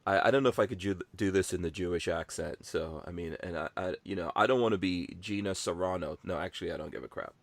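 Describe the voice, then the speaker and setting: A man's voice: low-pitched, fast, vocal fry, hardly any pauses, dry recording. A man hosting a casual podcast chat, joking around, laughing often and reading out comments from the chat. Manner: jokey, laughs a lot, reads from the chat. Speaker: podcast host.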